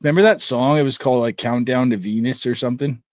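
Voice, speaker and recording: A middle-aged man from Canada co-hosting a casual podcast chat, thinking out loud and correcting himself as he goes. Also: mid-range voice, quick pace, no echo. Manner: rambling, thinks aloud, self-correcting. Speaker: podcast co-host. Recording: dull, dry, lo-fi sound.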